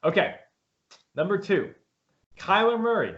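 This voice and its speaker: Guy on a sports podcast, bright punchy voice, kinda muffled lo-fi sound, lots of restarts. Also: high voice, big pitch swings, measured pace. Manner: emphatic, rambling with repeated restarts. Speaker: podcast co-host. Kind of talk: casual sports chat. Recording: dull lo-fi sound.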